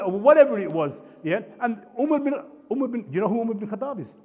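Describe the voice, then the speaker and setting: Blunt Birmingham man lecturing a live audience, high-pitched, heard in a reverberant hall. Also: sing-song, normal speed, warm tone. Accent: Birmingham English. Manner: blunt, scolding, street-style slang. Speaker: panel speaker. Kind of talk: impassioned live talk. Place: community centre hall. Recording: roomy hall, dull sound.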